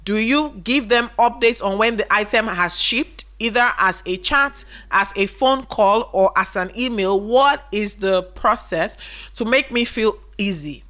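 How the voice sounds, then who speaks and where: An unhurried woman with a medium-pitched, sharp-toned voice gives a casual business lesson to camera. As an educator, she works through rhetorical questions and repeats important points for emphasis.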